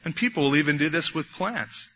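A man preaching a sermon, animated, acting out the voices of biblical figures as he goes. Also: a little high, a little fast. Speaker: pastor. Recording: dull lo-fi recording in a reverberant hall.

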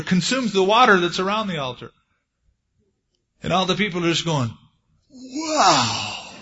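Casual: preacher guy, bright and husky, acts out the stories in a sermon. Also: high voice. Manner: folksy storytelling, acts out quotes with lively swings. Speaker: pastor. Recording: dull lo-fi sermon recording.

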